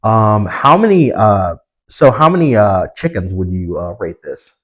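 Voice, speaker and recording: A young male podcast co-host with a somewhat low voice. He chats casually and rambles, looping through fillers and false starts as he thinks aloud. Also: sing-song, a little slow. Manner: rambling, lots of fillers and restarts. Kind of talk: casual chat.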